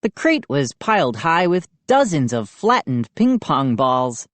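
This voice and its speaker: A woman narrating a children's horror audiobook in an expressive, unhurried reading. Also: low voice, no echo. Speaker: audiobook reader.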